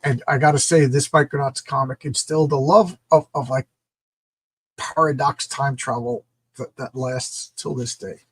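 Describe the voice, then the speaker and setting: A man's voice: medium pitch, steady tone, moderate pace, breathy edge, dry recording. A middle-aged man reviewing comic books in a casual, enthusiastic, rambling way. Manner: enthusiastic, rambling, repeats words.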